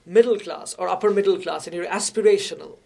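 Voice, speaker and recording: Measured, explanatory woman from India. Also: on the low side, gravelly, a little mellow. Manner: measured, explanatory, with frequent restarts. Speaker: guest researcher. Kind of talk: conversational interview.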